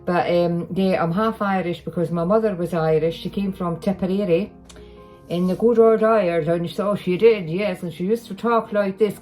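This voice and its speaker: This is a Scottish woman with a fairly low, mellow voice, casually chatting through a home baking video. She rambles and restarts her sentences as she works in her kitchen. She is recorded on a phone, with faint music underneath. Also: moderate pace. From Scotland. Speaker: home cooking vlogger. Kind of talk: casual chat while baking. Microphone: iPhone.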